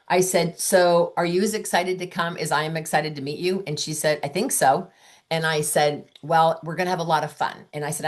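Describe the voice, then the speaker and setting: A middle-aged woman coaching direct sales consultants, telling chatty stories and acting out both sides of her phone calls and texts. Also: deep voice. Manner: chatty storytelling, quotes both sides of conversations. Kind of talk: training talk with acted-out dialogue.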